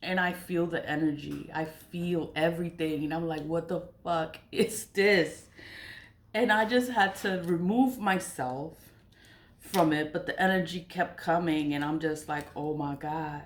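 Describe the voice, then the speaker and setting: A middle-aged woman talking casually in a spiritual vlog, animated, laughing often and swearing freely. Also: deep voice, moderate pace, echoey room. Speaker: spiritual product seller.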